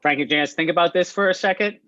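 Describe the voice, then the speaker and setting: A man from upstate New York, a playwright, reads stage directions and then chats with dry, self-mocking humor. His voice is mid-pitched, and the sound is dry and muffled like a video call. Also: fast, pushed and bright, no echo. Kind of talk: reading stage directions, then casual chat.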